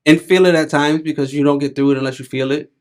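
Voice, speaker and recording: A man's voice: on the high side, fairly even intonation, fast talker. A man in his thirties, a podcast guest speaking candidly and reflectively in casual conversation, with frequent filler words.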